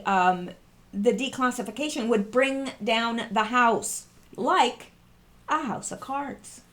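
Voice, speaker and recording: A woman's voice: a little high, fairly bright tone. A woman hosting a casual commentary, explaining online posts and reading statements aloud with emphatic repetition. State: coughing, throat clearing. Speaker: political commentary host.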